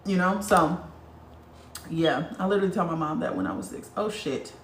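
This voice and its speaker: A woman's voice: fairly low pitch, moderate pace, slight background noise. A woman hosting a casual spiritual livestream and reading viewer comments aloud, talking bluntly with lots of swearing. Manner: blunt, profane, animated talker. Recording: roomy, distant from the mic.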